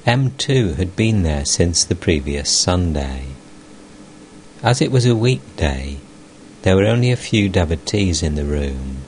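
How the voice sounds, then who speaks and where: A man narrating a spiritual text as an audiobook, in a calm and unhurried reading. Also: low-pitched, slight background noise, rough recording. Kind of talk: scripted narration.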